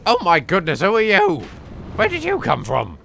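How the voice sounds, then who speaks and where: A young English man commenting on his own gameplay with theatrical jokes, dropping to hushed asides and bursting into loud yelps. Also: sits high, huge pitch swings, moderate pace, creaky, a little hiss or hum. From England. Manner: theatrical, jokey, swings between hushed asides and loud outbursts. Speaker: let's play host. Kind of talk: game commentary.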